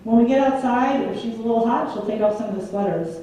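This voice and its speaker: A woman speaking at a lecture in a mellow, fairly high voice, telling lively stories and acting out the voices she quotes. She is heard from a distance in a very echoey hall with a faint hum behind her. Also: fast talker. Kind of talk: public lecture. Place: large community hall.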